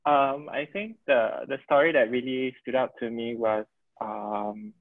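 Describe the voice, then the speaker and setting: Gravelly young man over a tinny call. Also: mid-range voice, animated, measured pace, no echo. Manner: thoughtful, hesitant, many fillers. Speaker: workshop participant. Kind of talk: reflective answer on a video call. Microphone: video call. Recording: dry, tinny phone-like call audio.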